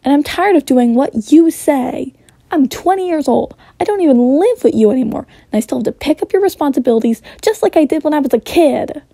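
A woman's voice: high voice, animated, moderate pace, creaky, warm tone, husky, no room sound, exaggerated voice. Woman doing a fed-up twenty-year-old man. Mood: exasperated. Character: frustrated young man, twenty, fed up with his mother.

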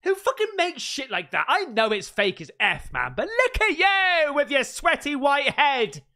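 Casting: young guy, bright lively voice, loud sweary reactions to scary clips. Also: very high voice, a little slow. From England. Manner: loud, sweary, shouting exclamations. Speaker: reaction video host.

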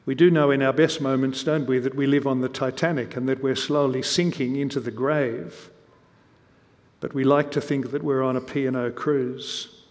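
Earnest male preacher in a reverberant hall. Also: fairly high pitch. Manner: earnest, measured preaching with rhetorical questions. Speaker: visiting preacher. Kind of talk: sermon. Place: church.

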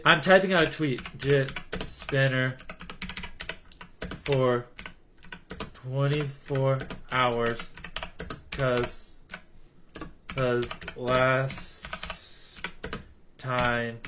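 A young man chatting casually on a livestream, joking with his chat, swinging between loud hype and low mumbles. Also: noisy background.

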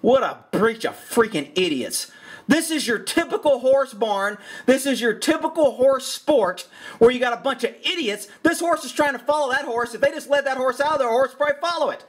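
A man with a very high voice for his sex rants over a video in blunt, exasperated commentary. He swears freely and talks with plain frustration. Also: animated, brisk. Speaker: horse trainer and commentator.

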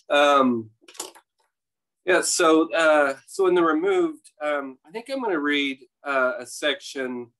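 A man, the author, introducing and reading aloud from his novel at a public library event, pausing with fillers as he talks. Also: on the high side, expressive, a bit bright, rough recording. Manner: halting, many fillers and restarts before reading.

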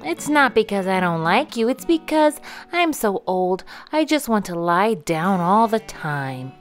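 A woman voicing an old, tired male pet dog who explains himself slowly and patiently. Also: medium pitch, big pitch swings, faint music behind. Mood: gentle.

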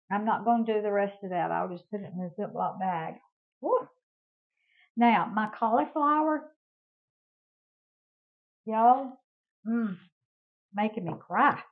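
A woman's voice: mid-range voice, narrow, tinny audio. An older woman, hosting a casual home cooking demonstration in a chatty, homey way and talking to her viewers as y'all. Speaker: cooking show host.

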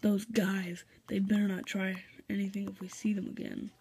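A man's voice: sits high, little pitch movement, moderate pace, creaky, a little mellow, slight background noise. A young man hosting a let's play video, chatting casually and reading game dialogue aloud. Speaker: gaming video host. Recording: faint game music behind.

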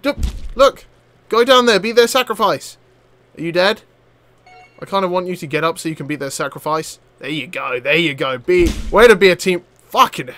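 A man commentating his own gameplay, excitable and chatty, shouting at enemies and laughing often. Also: high-pitched. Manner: excitable, loud outbursts and swearing, frequent laughter; chatty, talks to enemies on screen. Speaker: gaming channel host. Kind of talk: let's play commentary.

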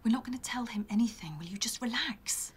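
A woman plays a cool-headed bank clerk in a crime film, plotting a robbery. She speaks evenly and reassuringly, often dropping her voice low. A faint hiss sits behind her. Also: brisk, lightly acted. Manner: calm, reassuring, often hushed. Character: calm scheming female bank clerk.

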